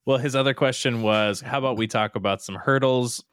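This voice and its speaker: A man's voice: medium pitch, brisk, fairly bright tone, clean tone, no echo. A man hosting a podcast interview, reacting with short remarks and frequent laughs. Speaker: podcast host. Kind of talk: casual interview.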